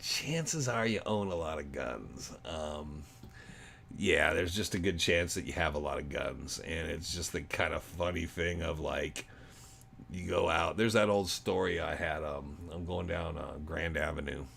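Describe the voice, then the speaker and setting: Deep-voiced rambling Arizona man, casual. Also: measured pace, vocal fry, a bit bright, slight background noise. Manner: rambling, chatty, many ums. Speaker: livestream host. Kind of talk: casual livestream chat.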